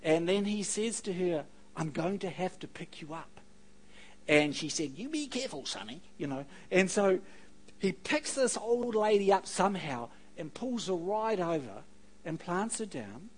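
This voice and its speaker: A man preaching a sermon. His pitch leaps and falls as he acts out the stories he tells. He throws in quick joking asides to the congregation. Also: lively intonation, low-quality recording. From New Zealand. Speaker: pastor.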